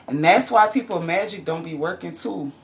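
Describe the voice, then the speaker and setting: A woman's voice: on the low side, expressive, a little fast, slight background noise. A woman giving a casual, profane tarot reading to her viewers, who often breaks into laughs and exclamations. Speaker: tarot reader.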